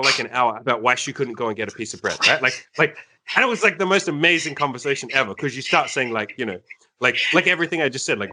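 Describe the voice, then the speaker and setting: A young man, a coach, telling a story in casual chat, animated and laughing, with many fillers. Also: medium pitch.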